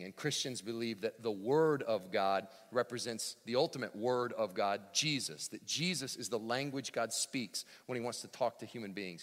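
A male pastor preaching a sermon, swinging from near-shouts to hushed tones, with joking asides. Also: lowish voice. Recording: long hall reverb.

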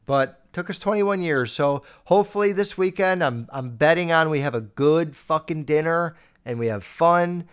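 A man's voice: mid-range voice, smooth. A man in his early twenties hosting his own podcast, telling a family story in a rambling, swearing, casual way that heats up as he retells the argument. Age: 20s. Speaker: podcast host.

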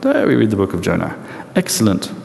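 A man preaching a sermon in a lively, animated storytelling way with rhetorical questions, in a large hall or church. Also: fairly low pitch, fairly quick, creaky. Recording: echoey hall with long reverb and faint noise.

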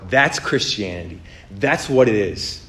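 A man preaching on a podcast, telling stories with lively acted-out voices and many fillers. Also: measured pace, reverberant. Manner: animated storytelling, acts out voices with big pitch jumps. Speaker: pastor. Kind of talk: sermon on a podcast.

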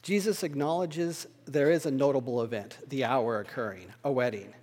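A man teaching a Bible study lesson, explaining word meanings in a measured, thoughtful way. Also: mid-range voice, darkish tone, in a large hall.

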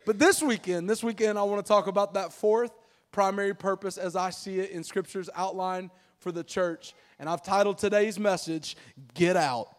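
A man pastor preaching a lively, jokey sermon to his congregation, getting them to repeat phrases back. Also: high-pitched, moderate pace. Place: church auditorium with congregation.

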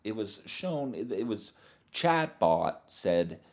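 Low-voiced man, crude deadpan rambling. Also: slow pace. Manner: crude, profane, deadpan mock-serious. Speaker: podcast host. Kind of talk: rambling comedic monologue.

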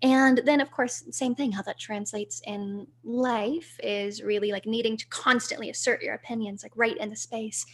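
A woman speaking as a podcast guest in a flowing, searching way, with a slight vocal fry. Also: on the high side, fairly even intonation, moderate pace, hardly any pauses. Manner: flowing, spiritual, searching for words. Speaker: guest, voice coach. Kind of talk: podcast interview.

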